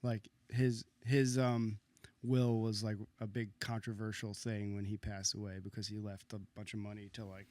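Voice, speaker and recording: A man's voice: little pitch movement, normal speed, a little mellow, no echo. A man co-hosting a film podcast, answering in short replies and reading out his research notes. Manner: low-key listener, short replies, reads research notes. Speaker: podcast co-host. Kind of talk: casual film-history chat.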